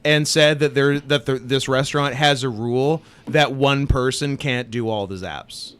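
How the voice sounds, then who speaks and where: A man's voice: mid-range voice, moderate pace, a bit bright, clear, resonant tone. A man co-hosting a podcast, joking and teasing in casual chat. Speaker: podcast co-host.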